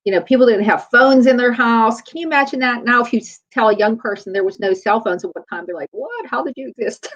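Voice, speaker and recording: A woman's voice: on the high side, fast, hardly any pauses. A middle-aged woman chiropractor giving a faith-based motivational talk in a conversational, storytelling way. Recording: dull lo-fi recording.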